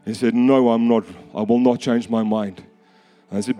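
A man preaching a sermon, fervent and repetitive, rising to shouts at times. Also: mid-range voice, fairly even intonation, normal speed, long pauses, soft background music. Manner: fervent, builds to shouts, repeats phrases.

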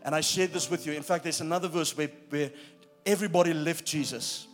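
Male pastor, higher-pitched, emphatic preacher who engages the room, faint music bed. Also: fairly even intonation, brisk. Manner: emphatic preaching that checks in with the congregation. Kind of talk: sermon.

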